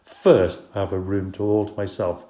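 A man's voice: low-pitched, little pitch movement, moderate pace, mellow, echoey room, close to an everyday voice. A man voicing Abby, a resentful girl stepsister who talks in a snappish, complaining way, in an audiobook. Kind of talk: audiobook character voice.

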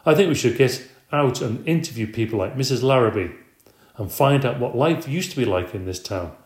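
A man's voice: medium pitch, lively intonation, fairly quick, close to an everyday voice. A man reading the part of a female schoolteacher who speaks to her class in an encouraging way in a storybook reading. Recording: roomy echo.

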